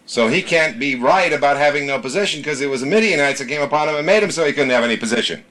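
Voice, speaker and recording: A man's voice: on the high side, expressive, fast, fairly bright tone. A man leading a small-group Bible study, teaching emphatically, repeating his points and reading scripture aloud.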